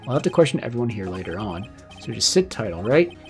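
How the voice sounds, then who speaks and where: A man's voice: fairly low pitch, sing-song, quick pace, darkish tone, faint music behind. A man reading the part of a friendly, bumbling male police detective in a game, hasty and calling people "pal". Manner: hasty, ends lines with "pal".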